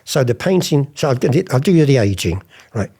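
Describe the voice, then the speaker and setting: With a medium-pitched, mellow voice, this older former art forger is very animated and talks a little fast. In the interview he tells stories chattily, voicing past conversations in different characters.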